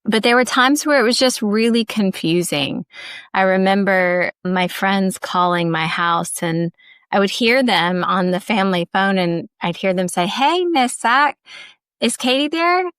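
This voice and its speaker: A woman's voice: medium pitch, a little slow, fairly bright tone, smooth, no echo, studio quality. A woman from Ohio hosting a podcast, sharing personal stories candidly, often saying "like" and laughing lightly. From Ohio, USA. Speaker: podcast host. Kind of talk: reflective personal storytelling.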